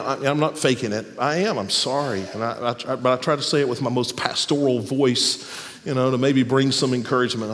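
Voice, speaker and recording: A man preaching a sermon as pastor, animated, then dropping to a soft, quiet voice for tender moments. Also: mid-range voice, brisk. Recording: long hall reverb.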